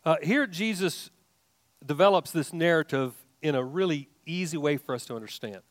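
A man delivers a sermon in a high-pitched voice, pressing his points with rising, emphatic questions and stumbling restarts. The sound is dry and close, with no room around it. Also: normal speed, no room sound. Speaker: pastor.

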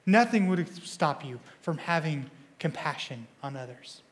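A young man preaching a sermon as a student pastor in a church, energetic and excitable, often stumbling and repeating words as he speaks. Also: fairly high pitch, unhurried.

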